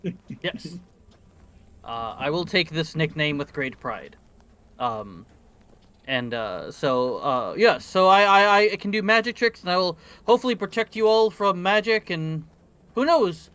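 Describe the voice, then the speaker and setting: A man's voice: fairly high pitch, sing-song, unhurried, bright, forceful tone. A man playing a tabletop game, speaking in character and out, hesitant and stumbling over words. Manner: hesitant, full of ums and restarts. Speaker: player. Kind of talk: casual tabletop role-play.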